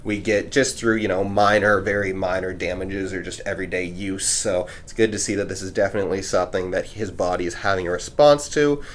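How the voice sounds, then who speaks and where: A relaxed, upbeat man with a fairly low voice talks with a patient and explains what he is doing in plain words. A faint hiss sits underneath. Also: a little fast, hardly any pauses. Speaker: chiropractor, host. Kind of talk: casual chat with explanation.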